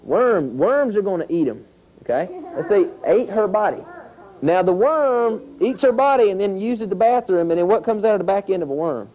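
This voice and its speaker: A man with a drawl leads schoolchildren through an outdoor lesson. He tells it as a lively story, tossing in sound effects and questions for the kids. His voice is warm and mellow. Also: high voice, moderate pace, rough recording. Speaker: environmental educator. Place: outdoors at a nature center.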